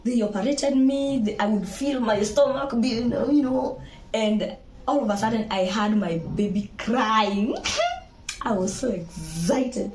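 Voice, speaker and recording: A young woman with a Kenyan accent tells her own story in casual chat, lively and laughing, now and then breaking into Swahili. Her voice sits fairly high. The room around her is echoey, with a faint background hiss. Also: unhurried. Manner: animated, laughing, mixes Swahili into English. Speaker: vlogger telling her birth story.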